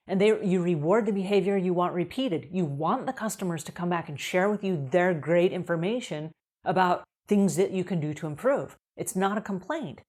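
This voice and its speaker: A middle-aged woman speaks straight to the camera in an upbeat advice video for house cleaners. Her voice sits on the low side for a woman. She keeps things lively by acting out short quoted exchanges with customers. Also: normal speed. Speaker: house cleaning business coach.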